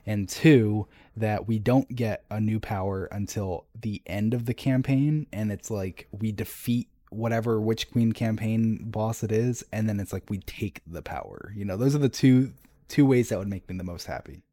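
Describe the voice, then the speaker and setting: A man's voice: lowish voice, normal speed, mellow, no echo. A man talking casually about game lore, rambling with fillers and restarts as he reads entries aloud. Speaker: podcast co-host discussing game lore.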